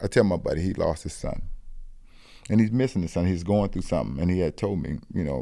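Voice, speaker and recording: A man's voice: sits low, expressive, quick pace, vocal fry, warm tone, no room sound, studio quality. A man from the American Midwest, a podcast guest telling personal stories in an earnest, reflective way and often restarting his phrases. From Rock Island, Illinois, US. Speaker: podcast guest, corner store owner. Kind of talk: earnest conversational storytelling.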